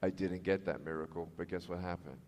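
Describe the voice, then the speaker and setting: A man with an Australian accent giving a motivational speech, telling stories in an animated way with sound effects and acted-out dialogue, in a large hall. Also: deep voice, a little fast. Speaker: motivational speaker. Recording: echoey hall reverb.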